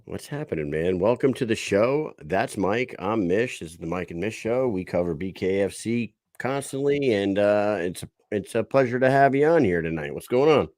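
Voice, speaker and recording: A man's voice: fairly low pitch, expressive, moderate pace, hardly any pauses, darkish tone, dry recording, clean studio sound. A man co-hosting a podcast, chatting casually with laughs and swearing. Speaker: podcast co-host. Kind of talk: casual chat.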